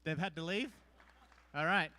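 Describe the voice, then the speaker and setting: A man's voice: on the high side, a little slow, bright, forceful tone, some chatter behind. A man hosting an event, making loose, chatty announcements from the stage. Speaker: event host.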